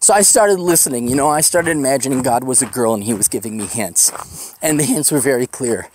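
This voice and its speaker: A man's voice: mid-range voice, expressive, moderate pace, long pauses, a little hiss or hum. A man hosting a podcast, rambling casually while hiking outdoors on a desert trail, ranting with profane sarcasm. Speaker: podcast host.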